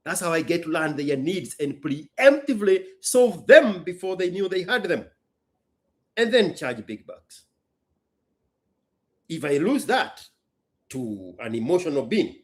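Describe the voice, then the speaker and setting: Emphatic, blunt man with a lively voice. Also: a little high. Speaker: business owner and show host. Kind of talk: casual storytelling chat.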